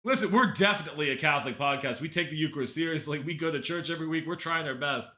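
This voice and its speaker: A man co-hosting a casual podcast, telling stories in an animated, sarcastic way. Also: a little high, rapid-fire, crowd noise. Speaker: podcast co-host. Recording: roomy echo.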